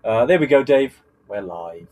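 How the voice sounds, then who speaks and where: A man's voice: medium pitch, expressive, normal speed, a little mellow, rough recording. A man hosting a casual live stream, hesitant and repeating words while sorting out the tech.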